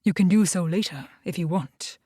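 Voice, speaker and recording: Woman narrator doing the devil, powerful man, low calm menace, storybook, dry sound. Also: normal speed, slightly rough, no room sound. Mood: calm commanding. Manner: low, calm, controlled threat.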